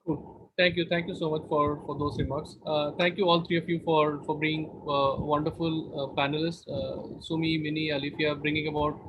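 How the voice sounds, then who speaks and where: Flat-voiced man moderating a panel. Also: a little high, normal speed, hardly any pauses, background noise. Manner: polite, repetitive thanks. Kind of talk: thanking the panel.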